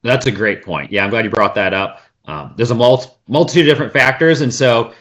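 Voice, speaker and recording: A man's voice: medium pitch, a little fast, a bit bright. A man, a meat science expert, explaining on a video call, thinking aloud with many fillers and restarts. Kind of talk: explanatory conversation.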